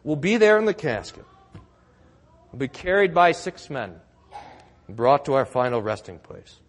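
A man's voice: medium pitch, very animated, moderate pace, big-room sound. A man preaching a sermon in a church, telling the story with drama and building to emphatic declarations. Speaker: pastor.

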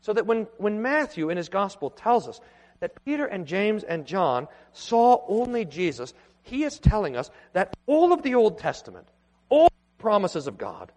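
A man preaching a sermon in a church, earnest and emphatic, with pauses and restarts. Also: high-pitched, very animated, a little mellow. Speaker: pastor. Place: church sanctuary. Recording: long hall reverb.

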